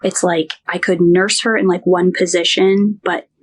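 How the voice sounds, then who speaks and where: A woman's voice: on the low side, measured pace, breathy edge. A young adult woman, a nurse, telling a personal story as a podcast guest, talking animatedly and acting out what others said. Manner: animated, acts out quoted dialogue, frequent "like".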